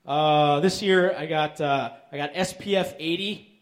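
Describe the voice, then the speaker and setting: A man in his thirties delivering stand-up one-liners in a deadpan way, with filler "uh"s. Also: on the high side, a little slow. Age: 30s. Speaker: stand-up comedian.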